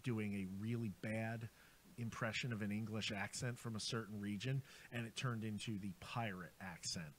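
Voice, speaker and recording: An American man with a lowish voice chatting casually on a radio show, rambling from point to point. A faint hiss sits under the recording. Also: steady tone. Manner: rambling, chatty, quick to laugh.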